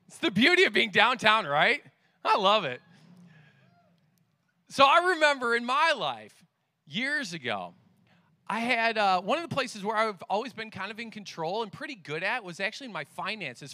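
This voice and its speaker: A middle-aged man preaching a sermon outdoors downtown, acting out conversations in an animated storytelling manner. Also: very high voice, no echo, clean studio sound. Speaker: pastor. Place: outdoors downtown with passing motorcycles.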